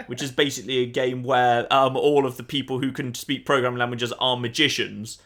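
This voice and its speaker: A man's voice: mid-range voice, steady tone, fairly quick, hardly any pauses, a bit bright. A man co-hosting a podcast in casual chat, explaining eagerly with lots of ums and restarts. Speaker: podcast co-host.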